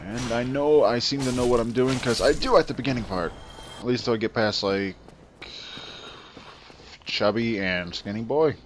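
A man's voice: mid-range voice, normal speed, long pauses, a little hiss or hum. A man commenting on his own gameplay, rambling between asides and trash-talking the enemies he fights. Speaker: let's play gamer. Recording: game music underneath. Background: game music.

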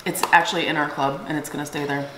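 A woman's voice: sits low, level tone, fast talker, sharp tone. A woman who owns a soap shop chats casually on camera, reading scent descriptions aloud and laughing often. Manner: chatty and giggly, reads scent descriptions aloud. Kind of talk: casual on-camera product chat. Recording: roomy echo, faint background noise.

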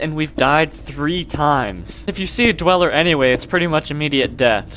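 A man's voice: on the high side, a bit bright, slight background noise. A young man commentating his own horror gameplay, jumpy and swearing, with panicky outbursts. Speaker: gaming youtuber.

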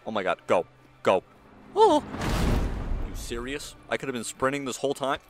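A man's voice: medium pitch, quick pace, music in the background. Jumpy man narrating his gameplay. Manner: jumpy, talks to the screen, frequent frightened yelps; casual slang, says "bro" and "y'all". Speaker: gaming channel host. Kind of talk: let's play commentary.

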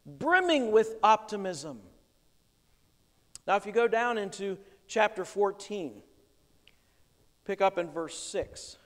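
In a church sanctuary, a male pastor preaches a sermon, explaining scripture with emphatic, plain conviction. His voice is high, he speaks slowly with long pauses, and the room adds a long church reverb.

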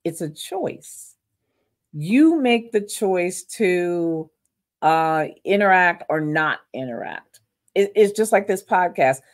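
A woman's voice: on the low side, takes it slowly. A middle-aged woman from Louisiana, a podcast guest telling her story and acting out the quotes. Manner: animated storyteller, acts out quotes.

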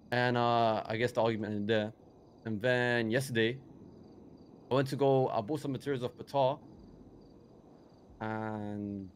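Rambling young man. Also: mid-range voice. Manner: rambling, hesitant, many restarts and fillers. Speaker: roleplayer in character. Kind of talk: in-character roleplay recounting events.

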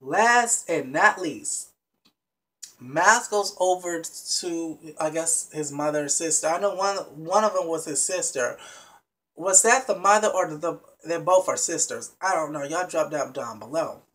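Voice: medium pitch, lively intonation, measured pace, fairly bright tone. A vlogger casually recapping a reality show episode for viewers, chatty and emphatic, with many restarts and frequent asides to the audience.

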